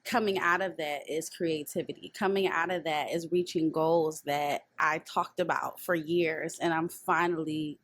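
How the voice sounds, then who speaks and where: A woman guest on a podcast in casual chat, talking in an expressive, reflective way and laughing easily. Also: low-pitched, a little slow, hardly any pauses.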